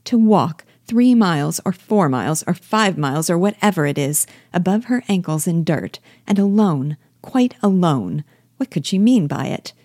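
A woman reading aloud, voicing a snobbish, mocking young lady with scornful, drawn-out emphasis. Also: lowish voice, lively intonation, mellow, dry recording, clean studio sound. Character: sneering snobbish young lady, Miss Bingley.

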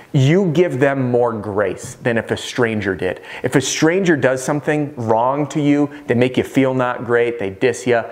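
A man teaching roofing sales straight to camera in an energetic way, firing off rhetorical questions. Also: medium pitch. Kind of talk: direct-to-camera sales training talk.

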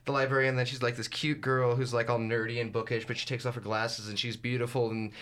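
A man's voice: mid-range voice, little pitch movement, quick pace, fairly bright tone. A young man hosting a radio talk show, chatting casually with many restarts and repeated words. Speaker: radio host. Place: radio studio.

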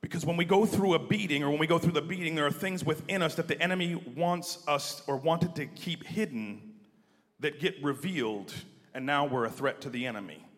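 A man preaching a sermon, shifting from quiet asides to loud emphasis and leading the congregation to repeat lines after him. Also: on the high side, a little fast. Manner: building from quiet asides to near-shouted emphasis; leads the congregation in call-and-response. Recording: long hall reverb.

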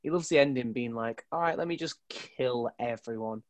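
A man's voice: medium pitch, moderate pace, no echo. Laid-back man rambling on a podcast. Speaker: podcast panelist. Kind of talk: casual chat.

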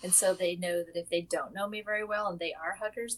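A woman's voice: on the low side, fairly even intonation, a little fast. A woman author, a guest on a podcast, talking casually with a joking, sarcastic manner. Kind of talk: casual conversational interview.

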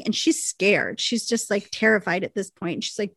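A woman chatting on a podcast, walking her co-host through a TV episode scene by scene. Her voice sits somewhat high. The sound is dry and close to the microphone. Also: moderate pace, few pauses, no echo. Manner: animated retelling, quoting characters in voices. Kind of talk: casual chat. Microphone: desk microphone.

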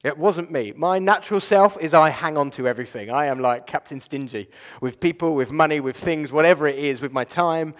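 A man preaches a sermon in a church, his voice a touch higher than most men's. He talks in an animated, conversational way, full of filler phrases. A long reverb from the hall trails after each phrase. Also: brisk. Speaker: pastor.

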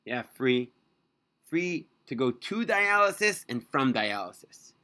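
Man doing a bitter worn out young guy stuck on dialysis, bright voice. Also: mid-range voice, very animated, takes it slowly, exaggerated voice. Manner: bitter and weary.

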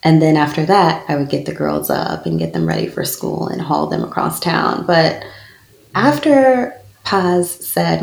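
A woman in her thirties speaks low and earnest, her voice heavily gravelly with fry. The sound is roomy and echoey around her as she tells a personal story in an interview. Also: big pitch swings, a little slow. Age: 30s. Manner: earnest, personal, with soft laughs. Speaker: guest, spiritual speaker. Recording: echoey room.

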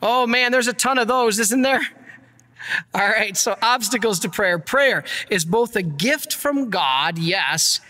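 High bright-voiced priest preaching, gets all worked up, echoey hall. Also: male voice, animated, measured pace. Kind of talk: sermon with slides.

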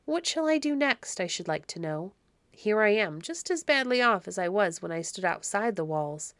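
A woman's voice: mid-range voice, lively intonation, moderate pace, fairly bright tone, dry recording. A woman voicing a sly one-eyed male peddler who coaxes in old-fashioned speech. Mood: grumbling.

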